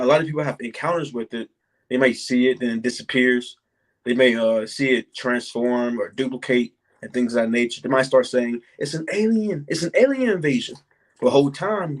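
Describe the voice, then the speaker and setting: A man with a mid-range voice takes part in an informal bible study. He reads verses slowly and with care. Then he explains them in easy, casual speech. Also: mid-range voice, low-quality recording.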